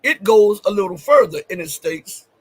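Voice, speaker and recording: A man hosting a livestream, talking in a high and rather husky voice. He leans hard on key phrases, repeating them for weight, and throws questions straight at his viewers. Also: animated, normal speed, no echo, poor audio. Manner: addresses viewers directly with questions. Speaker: show host. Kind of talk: livestream commentary.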